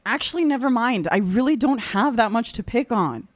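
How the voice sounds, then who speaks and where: Young woman, opera coach type, reaction-video commentary; excitable, exclaims a lot, lively high voice, dry close sound. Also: normal speed, soft background music. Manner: excitable, exclaiming, breaks down vocal technique. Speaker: opera singer and vocal coach reacting to a performance.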